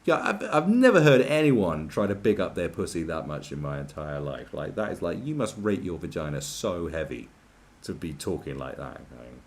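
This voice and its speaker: A man's voice: sits low, sing-song, normal speed, hardly any pauses. A man on a podcast, ranting crudely and sarcastically with many restarts and mocking asides. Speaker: podcast host. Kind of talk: crude comedic rant.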